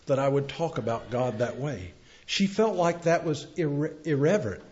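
A middle-aged male preacher giving a sermon, swinging from loud emphatic cries to soft, quiet words. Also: on the high side, moderate pace. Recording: dull lo-fi sermon recording.

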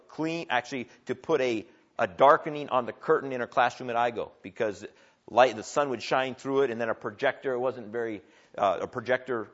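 A man preaching a sermon, telling a story with big swings from quiet asides to loud, excited lines. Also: mid-range voice. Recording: dull lo-fi sound.

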